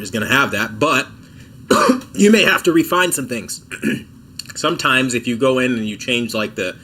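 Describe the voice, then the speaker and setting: Man, sick, livestream host, chatty, self-mocking, bright voice, faint background noise. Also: mid-range voice. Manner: laid-back, chatty, self-mocking, laughs often. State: sick, coughing and clearing throat. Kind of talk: casual livestream chat answering viewers. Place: home.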